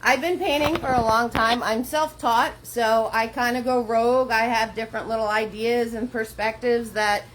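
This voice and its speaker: Chatty, high-voiced woman teaching painting. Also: steady tone, moderate pace, few pauses, fairly bright tone, a little hiss or hum. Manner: chatty and encouraging, laughs often, greets viewers by name. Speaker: paint party instructor. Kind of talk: live online painting lesson. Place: her home studio, indoors. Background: faint background music.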